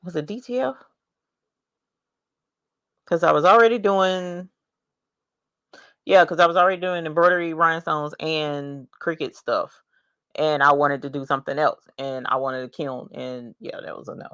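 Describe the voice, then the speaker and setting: Chatty low-voiced woman livestreaming crafts. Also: fairly even intonation, a bit bright, no room sound. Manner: chatty, greets viewers by name, drawn-out exclamations. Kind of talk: casual livestream chat.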